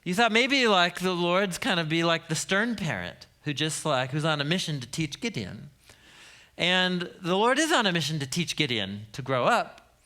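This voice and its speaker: A man's voice: on the high side, big pitch swings, normal speed, bright, forceful tone. A man in his thirties teaching a sermon as a Bible teacher, a humorous storyteller who laughs often.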